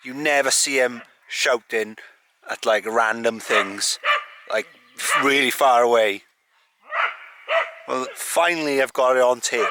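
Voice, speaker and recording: A man's voice: mid-range voice, unhurried, long pauses, background noise. A man from the United Kingdom vlogging casually outdoors at a campsite, chatty and rambling with plenty of fillers. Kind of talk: casual camping vlog to camera.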